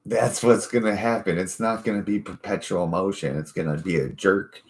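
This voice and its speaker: A man's voice: on the low side, normal speed, hardly any pauses, slight background noise. A man in his forties, a podcast host, telling stories in casual, profane chat. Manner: profane, easygoing storytelling.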